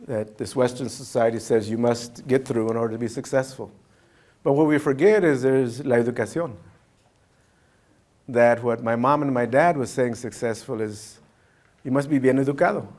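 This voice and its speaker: A man giving a storytelling keynote speech, animated, mixing Spanish phrases into his English. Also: mid-range voice, normal speed, long pauses. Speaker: keynote speaker.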